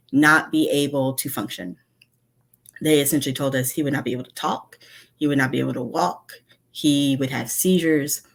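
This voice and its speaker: A woman with a strikingly deep, low voice gives a conference talk from her home. She speaks candidly and conversationally, weaving personal stories into advice for her listeners. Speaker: conference speaker, instructional designer.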